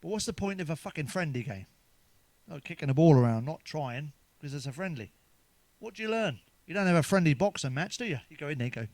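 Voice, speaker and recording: Crude stand-up, middle-aged man, slightly high voice, dry close sound, swears freely. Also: expressive, fast, a little mellow, dry recording. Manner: crude, swearing, laughs at own jokes. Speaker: stand-up comedian. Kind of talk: stand-up jokes told to camera.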